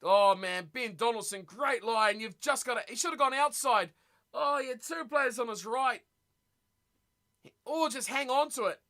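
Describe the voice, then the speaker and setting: A man hosting a live watch party stream, reacting excitedly to a rugby match and chatting with viewers. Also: very high-pitched, moderate pace. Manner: excitable, chatty, reads viewer messages aloud.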